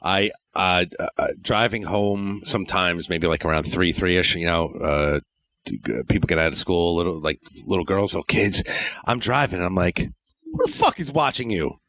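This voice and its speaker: A man's voice: deep voice, normal speed, fairly bright tone, no echo. A man hosting a podcast, talking in a loose, profane, rambling way with many fillers. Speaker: podcast host. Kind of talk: casual podcast chat.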